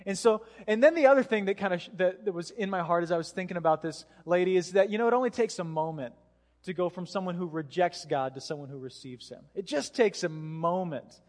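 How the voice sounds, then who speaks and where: A man, a pastor, preaching a sermon in a casual, animated storytelling way, acting out voices as he goes. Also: high voice, quick pace. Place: church sanctuary. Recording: long hall reverb.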